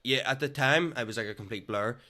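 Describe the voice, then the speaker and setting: A young man with a Northern Irish accent, a guest comedian talking very fast in casual chat. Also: medium pitch, sharp tone.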